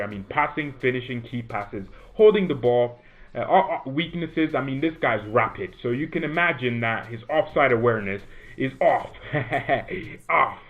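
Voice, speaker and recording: A man hosting a football fan channel, rambling in casual commentary and often tagging his points with "right?". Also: medium pitch. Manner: animated, rambling, keeps asking "right?". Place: home room. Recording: tinny phone-like sound.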